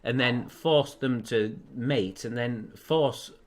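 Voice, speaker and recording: A man's voice: mid-range voice, slow, a little hiss or hum. A man commenting on a video game he is playing, sarcastic and prone to laughing and swearing. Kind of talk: let's play commentary.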